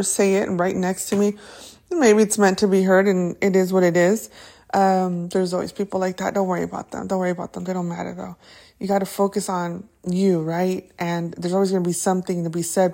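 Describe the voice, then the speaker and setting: A woman's voice: mid-range voice, warm tone. A woman hosting a podcast, giving a casual motivational pep talk in a chatty, upbeat way, often tossing in "right?" and a few Spanish words. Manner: restarts and fillers, many "right?" and "okay?". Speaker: podcast host.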